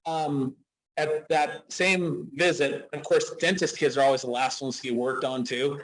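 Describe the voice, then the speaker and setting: A man's voice: a little high, fairly even intonation, a little slow, fairly bright tone, slight background noise, low-quality recording. Chatty man in his forties telling stories. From Utah, USA. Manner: chatty, anecdotal, frequent restarts. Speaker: dentist guest. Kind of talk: casual interview storytelling.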